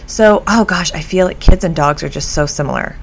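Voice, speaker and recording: A woman's voice: lowish voice, a little fast, gravelly, a little hiss or hum. A woman hosting her own podcast on dog behavior from home, talking in a chatty, storytelling way. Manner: chatty, animated storytelling with laughs. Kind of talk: casual solo podcast.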